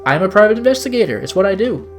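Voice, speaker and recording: Man doing a sly fox investigator, suave, courtly, faintly raised pitch. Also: sing-song, rapid-fire, faint music behind. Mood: smooth. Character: sly male fox private investigator, smooth and theatrical.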